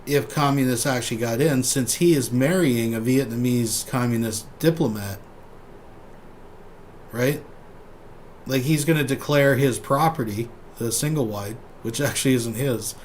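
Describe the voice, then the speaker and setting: Dude doing casual commentary, kinda rambly and wry, a bit of faint hiss behind. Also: male voice, medium pitch. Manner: wry, rambling, trails off with fillers. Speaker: host.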